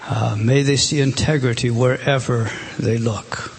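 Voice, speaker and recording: A man's voice: mid-range voice, fairly even intonation, unhurried, creaky, slight background noise. A middle-aged man preaching a sermon as pastor, earnest and exhorting, with frequent restarts.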